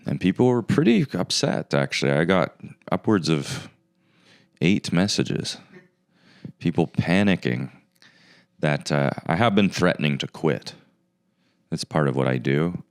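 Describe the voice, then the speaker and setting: A man's voice: extremely low pitch, lively intonation, measured pace, creaky, long pauses, clean tone, no echo, clean studio sound. A man hosting his own comedy podcast, rambling in a sarcastic, mock-arrogant way. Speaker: podcast host. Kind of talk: casual comedic monologue.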